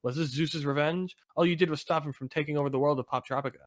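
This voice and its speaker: A man's voice: fairly high pitch, fairly even intonation, fast talker, dry recording, studio quality. A man co-hosting a podcast, narrating a fan fiction aloud in an amused, playful way. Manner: amused, breaks into laughter between lines.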